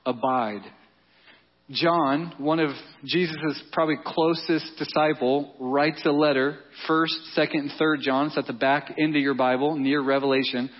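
A man's voice: a little high, fairly even intonation, a little slow. A man preaching a sermon as pastor, talking to the congregation in an emphatic, conversational way and repeating key words. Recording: dull lo-fi audio.

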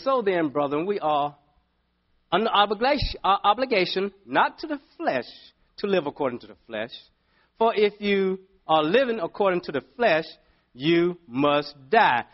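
Pastor guy preaching, slightly high voice, swings loud to whispery, dull old church tape. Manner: animated storytelling preacher, swings from loud to hushed. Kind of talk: sermon.

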